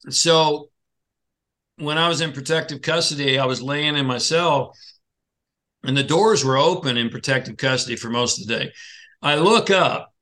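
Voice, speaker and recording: A podcast guest with a fairly high, pushed and bright male voice vividly recounts a personal story during an interview, acting out the dialogue and frequently restarting his sentences.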